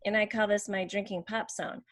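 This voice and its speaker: A woman's voice: medium pitch, little pitch movement, moderate pace. A woman speech language therapist, patiently explaining how letter sounds are made and modeling each one. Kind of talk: instructional demonstration.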